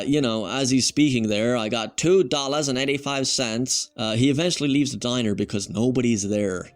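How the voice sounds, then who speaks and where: Guy doing a casual review, chatty and musing, mid-pitched voice, faint music under it. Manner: chatty, musing, with conversational asides. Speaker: video reviewer.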